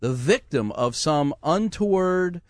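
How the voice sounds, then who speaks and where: A man's voice: on the high side, takes it slowly, no echo, clean studio sound. A man hosting a radio call-in show, talking in a folksy, joking way. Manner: animated, folksy, jokey.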